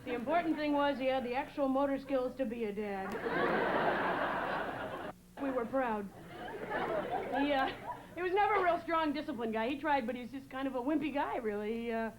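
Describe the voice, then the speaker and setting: A woman from New England doing a rambling stand-up set on a TV stage, full of halting pauses and "uh"s. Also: high-pitched, a faint crowd, slight background noise, poor audio. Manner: rambling, halting delivery with many "uh"s. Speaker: stand-up comedian. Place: TV studio stage before a live audience. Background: audience laughter.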